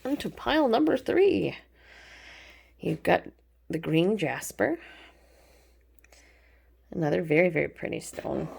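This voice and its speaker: A woman's voice: on the low side, expressive, a little slow, creaky, long pauses, darkish tone, breathy edge. A woman giving a casual, chatty tarot card reading, informal and affectionate, with frequent ums. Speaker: tarot reader.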